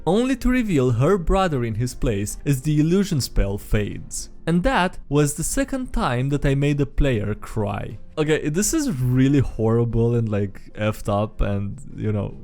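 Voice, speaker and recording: A man reading tabletop game stories aloud and commenting on them, laughing often between lines. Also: mid-range voice. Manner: laughs often, animated asides.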